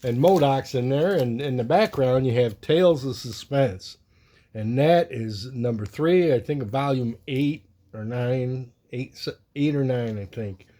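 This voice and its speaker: A man talks through his sketches and comic books in a relaxed, rambling way. His voice is warm and mellow, sitting in an ordinary middle register. He chuckles now and then as he goes. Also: mid-range voice, a little slow. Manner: rambling, chuckling, reads cartoon captions in silly voices. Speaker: comic collector vlogger. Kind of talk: casual chat showing artwork and comics.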